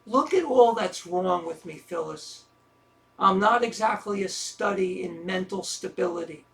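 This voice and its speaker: A man's voice: high voice, animated, unhurried, creaky, fairly bright tone, full character voice. An actor in an audio drama playing a self-deprecating man who talks with dry, wry sarcasm. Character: self-deprecating sarcastic middle-aged man, troubled lover.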